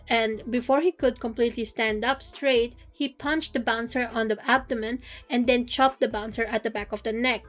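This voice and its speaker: A woman's voice: a little high, a bit bright. Playful slangy woman recapping a story. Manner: slangy, playful, joking paraphrase. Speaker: book recap youtuber. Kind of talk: casual chatty story recap.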